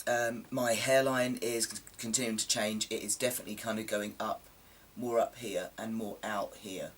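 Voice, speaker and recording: A man's voice: lowish voice, steady tone, normal speed, a bit bright, distant mic. A man in casual chat to camera, rambling and self-deprecating with plenty of ums, his voice a little coarse from a sore throat. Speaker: vlogger.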